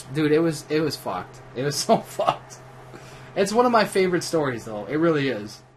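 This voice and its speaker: A man's voice: fairly high pitch, fairly bright tone, slight background noise. A drunk man livestreaming at home, telling a profane, rambling story in a casual way, with many restarts. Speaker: livestream host. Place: at home while gaming.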